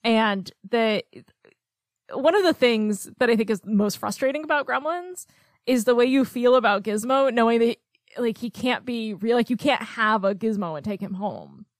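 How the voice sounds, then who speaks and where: A woman's voice: a little high, moderate pace, no room sound, studio quality. A woman co-hosting a casual film podcast, talking in a chatty way with frequent ums and light laughs. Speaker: podcast co-host.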